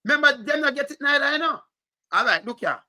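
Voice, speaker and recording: A man with a Jamaican accent reading through documents and commenting, animated and emphatic in patois. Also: very high voice, fast. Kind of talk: casual chat.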